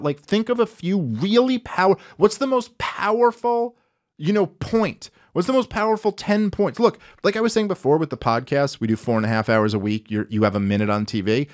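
The podcast host's voice sits high and moves at a moderate pace, in studio-quality audio with no room sound. Animated and profane, he talks through political commentary casually, with plenty of swearing and quotes he acts out.

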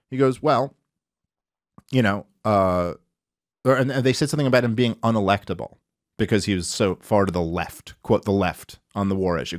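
This man, a podcast host, has a lowish voice, and the recording is studio quality with no room sound. His casual political commentary is animated and full of swearing, and he acts out quotes.

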